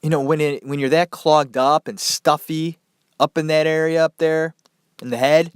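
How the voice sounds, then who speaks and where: A man's voice: on the high side, fairly even intonation, normal speed, clean tone, no room sound, clean studio sound. A man hosting a podcast, telling a story in a casual, chatty way. He has a nasal voice, stuffed up from a head cold, and talks loosely with swearing and asides. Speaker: podcast host.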